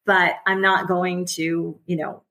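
A woman's voice: lowish voice, flat delivery, slow pace, bright, forceful tone, rough recording. A woman in her forties, a former teacher and parent, talking candidly as a podcast guest, chatty and often laughing. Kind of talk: casual conversational interview.

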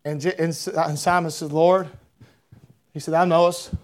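High-voiced animated male preacher. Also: normal speed. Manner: animated preaching, reading scripture in King James wording, rising to shouts. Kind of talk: sermon.

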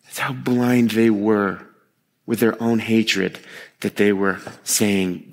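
A man preaching a sermon to a live congregation in a conversational, animated way, with expressive groans of disgust and quick voiced asides. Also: big-room sound. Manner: conversational and animated, acting out quotes with sharp pitch jumps.

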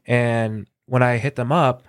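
A chatty Southern California man, a concert photographer appearing as an interview guest, tells casual stories packed with "like" and other fillers. He gives animated anecdotes and acts out quoted dialogue in a medium-pitched, clear, resonant voice, a little slow. Studio-quality audio with no room sound.

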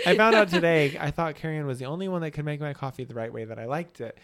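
Gravelly, higher-voiced male podcast host. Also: fast talker. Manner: animated storyteller, playful teasing. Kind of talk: casual interview chat.

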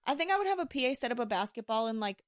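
Podcast co-host: chatty young woman, a bit high-pitched, dry close sound, casual. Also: very animated, racing, dry recording. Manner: chatty, lots of "like" fillers, playful. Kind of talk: casual chat.

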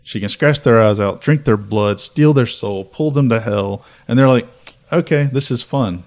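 A man's voice: lowish voice, moderate pace. A man hosting a casual podcast chat, telling spooky folklore with dramatic, building lists. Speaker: podcast host.

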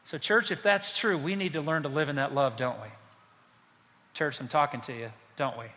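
Man preaching, passionate, bright voice, echoing church hall. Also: on the high side, normal speed. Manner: passionate, addresses congregation directly. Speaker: pastor. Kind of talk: sermon.

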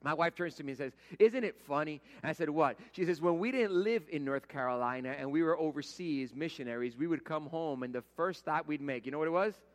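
A man's voice: a little high, a little fast, few pauses. A middle-aged man preaching a conversational sermon as pastor, telling everyday stories and acting out the voices he quotes. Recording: long hall reverb.

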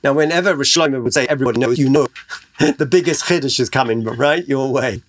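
A man's voice: mid-range voice, a little fast. A man giving a Torah lecture over a video call, asking rhetorical questions and weaving in Hebrew terms. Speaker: Torah teacher.

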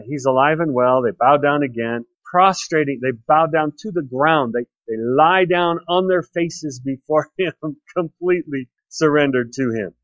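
A man giving a conversational sermon, retelling a Bible story with lively acted-out quotes and light laughter. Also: a little high, dry recording, highs cut off. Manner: animated storytelling, acts out quoted speech. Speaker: preacher.

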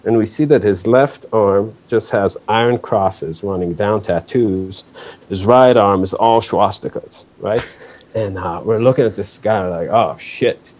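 Mellow-voiced man telling road stories. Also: lowish voice, measured pace. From Israel. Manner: animated, swearing, acts out quoted voices. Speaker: guest musician. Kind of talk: casual storytelling.

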